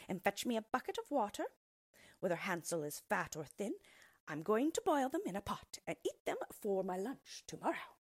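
Cruel old witch, shrill, scolding, breathy, high lively voice, a woman putting her on. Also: moderate pace, dry recording, studio quality. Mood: commanding.

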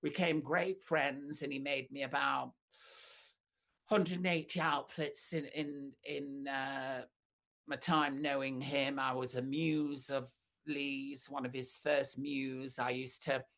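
An older woman, a singer telling long anecdotes in an interview, full of fillers and sudden jumps up in pitch. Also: slow. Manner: rambling storyteller, many fillers, camp asides, pitch leaps up when excited.

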